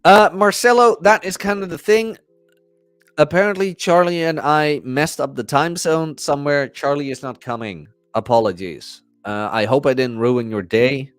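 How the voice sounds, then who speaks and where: A man's voice: fairly high pitch, moderate pace, no room sound, soft background music. A young man hosting a podcast, casually telling a story and acting out the people in it. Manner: animated storyteller acting out quoted voices. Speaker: podcast host.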